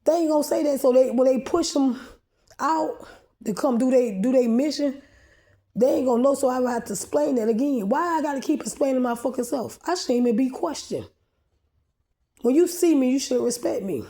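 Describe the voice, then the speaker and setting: A woman's voice: high voice, brisk, dark tone. A woman filming herself in a rambling, agitated, profane rant. She often restarts and repeats words as she presses her complaints. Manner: agitated, profane, confrontational ranting. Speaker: vlogger posting a video. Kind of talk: rambling monologue to camera.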